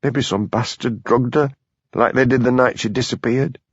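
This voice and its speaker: A man voicing a small, sharp-tongued woman designer with a Yorkshire accent who answers curtly and defensively in an audiobook. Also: medium pitch, normal speed, slightly rough, no room sound, lo-fi sound, voice pushed up. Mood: distraught. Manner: curt, defensive, prickly.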